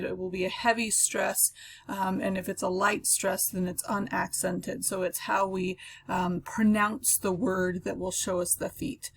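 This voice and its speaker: Lady teacher doing a recorded lecture, mid pitch, lots of ums and uhs as she explains.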